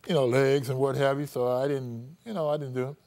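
A middle-aged man, a former athlete, telling his story in a relaxed interview, full of "you know" and acted-out quotes. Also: medium pitch, a little fast.

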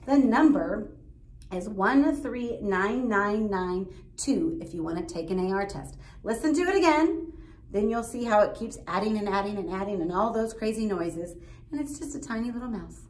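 Expressive woman reading a storybook aloud. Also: mid-range voice. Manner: expressive, playful, explaining to children. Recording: roomy echo, distant mic.

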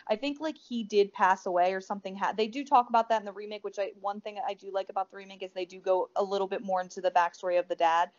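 Talking quickly with hardly a pause, a female podcast co-host gushes about a horror film, her mid-range voice keeping a fairly even intonation. The chat is a loose, rambling movie review packed with fillers and false starts, captured in dull lo-fi sound.

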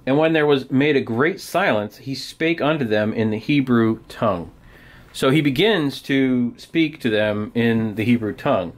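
A man's voice: medium pitch, normal speed. A man teaching children a Bible story at a felt board, talking straight to the boys and girls and acting out the parts as he goes. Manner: animated storyteller, acts out soldiers and crowd.

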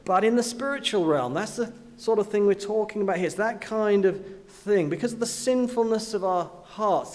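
A man's voice: high-pitched, a little mellow. A man preaching a sermon in an earnest manner, often asking his listeners questions and repeating key words. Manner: earnest, with rhetorical questions and repetition. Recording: long hall reverb.

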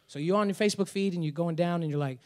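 A male pastor preaching a sermon in a casual, energetic way, with humor and slang. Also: fairly high pitch, very fast.

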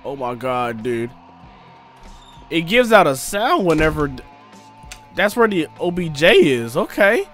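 Excitable young gamer man. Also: on the high side, a little slow, long pauses, soft background music. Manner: excitable, slangy, yelping when scared. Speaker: gaming streamer. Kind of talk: let's play commentary.

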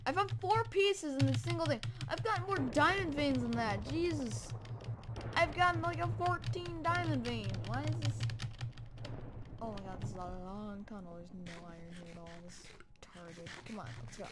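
A woman hosting a survival game let's play, excitable and quick to shout and laugh at her finds. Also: sits high, noisy background. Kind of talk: gameplay commentary.

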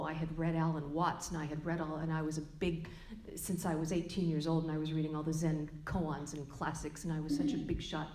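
A woman's voice: fairly low pitch, mellow. Earnest woman lecturing in an echoey room. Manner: earnest, emphatic, stretches key words slowly. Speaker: yoga teacher giving a lecture. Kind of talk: spoken lecture quoting a teacher. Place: yoga studio room.

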